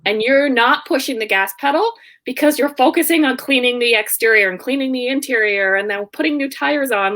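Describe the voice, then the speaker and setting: A woman's voice: high voice, fairly quick, a bit bright. A young woman, a guest in a casual interview, telling stories and acting out both sides of conversations, often laughing as she talks. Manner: laughs often while talking. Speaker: guest, online business owner.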